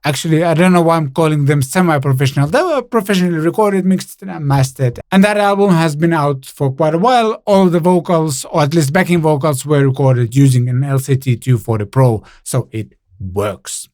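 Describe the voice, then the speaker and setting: Playful man in a high voice. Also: a little fast, few pauses, a little mellow, no room sound, clean studio sound. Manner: playful, rambling, self-mocking. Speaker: gear reviewer. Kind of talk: casual product demo chat. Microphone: studio condenser mic.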